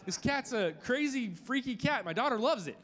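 A man's voice: very high voice, lively intonation, moderate pace, fairly bright tone. A man in his thirties preaching to a group, telling a personal story in a chatty, self-deprecating way with many fillers. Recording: long hall reverb.

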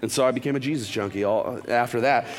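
A man's voice: mid-range voice, fast. Man telling testimony in an echoing hall. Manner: casual, animated, restarts and slang asides. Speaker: church speaker giving testimony. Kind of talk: sermon testimony storytelling. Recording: long reverb of a large hall.

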